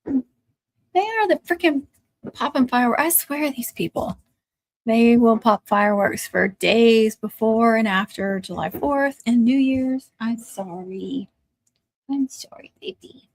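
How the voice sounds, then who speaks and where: A woman's voice: fairly high pitch, animated, a little slow, no echo. A woman chatting casually on a home livestream, laughing often and cooing at her dogs. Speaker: livestream host. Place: home, in the country.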